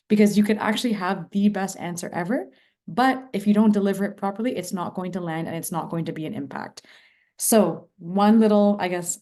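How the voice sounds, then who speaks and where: A woman's voice: on the low side, mellow. A woman presenting an online mentorship workshop over a video call, talking with enthusiasm and emphasis.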